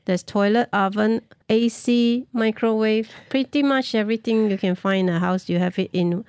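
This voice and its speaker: A woman's voice: mid-range voice, normal speed, a little mellow, clean tone, no room sound. A middle-aged woman, a guest speaking frankly and with self-mocking humour about her travels. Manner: frank, self-deprecating, laughs easily. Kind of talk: casual storytelling.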